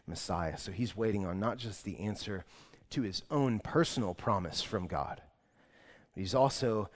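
A man's voice: on the low side, normal speed. Brief: young man, sermon, easy conversational delivery, long hall reverb. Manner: casual storytelling, then earnest and subdued. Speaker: pastor. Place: church sanctuary. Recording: long reverb of a large church room.

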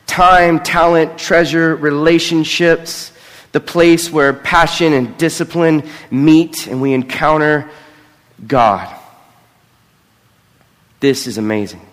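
A man's voice: fairly high pitch, takes it slowly, long pauses, fairly bright tone. Middle-aged man preaching in a reverberant hall. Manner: earnest, with self-deprecating asides. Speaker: pastor. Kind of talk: conversational sermon. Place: church sanctuary. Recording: long reverb of a large hall.

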